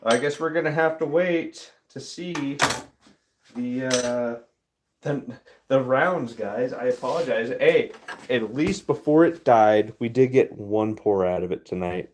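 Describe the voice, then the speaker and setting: A man with a medium-pitched voice talks slowly and unhurriedly to his stream audience. He chats casually while he works, in a relaxed, easygoing manner. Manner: slow, easygoing, talks to chat while working. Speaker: livestream host. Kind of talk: casual livestream chat.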